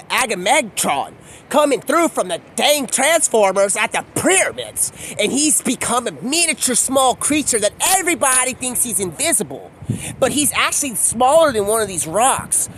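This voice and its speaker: A man's voice: extremely high pitch, a bit bright, slight background noise. A man talking in a casual, rambling monologue, free-associating from one thing to the next in slangy speech. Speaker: video creator.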